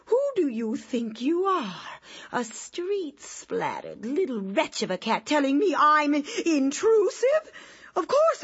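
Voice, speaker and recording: A woman voicing a proud, bossy female pig in an audio storybook, with an indignant, haughty manner. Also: high voice. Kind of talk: storybook reading. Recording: dull lo-fi recording.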